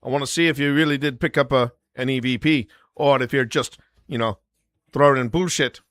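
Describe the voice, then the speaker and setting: A man putting on the voice of an angry little man, gruff and challenging, with slangy mate talk. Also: medium pitch, fairly even intonation, fairly quick, a bit bright, no room sound, lightly acted.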